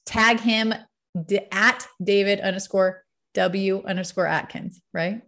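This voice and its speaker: A woman's voice: medium pitch, fairly even intonation, a little slow, a bit bright. A woman hosting a podcast, effusive and enthusiastic in casual interview chat. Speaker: podcast host.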